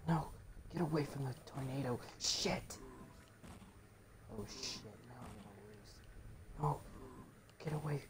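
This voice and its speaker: A man's voice: medium pitch, unhurried, long pauses, heavy background noise. A man giving casual let's play commentary, swearing a lot at the game and dropping into muttered, half-whispered asides.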